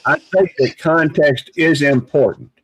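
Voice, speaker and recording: A man in casual live-stream chat, talking in a measured, hesitant way with many fillers. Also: a little high, rough recording. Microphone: video call.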